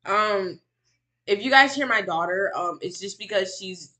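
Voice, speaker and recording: A woman streamer giving sarcastic reaction commentary on a video, swinging from mocking exclamations to low muttering. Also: animated, unhurried, bright, forceful tone.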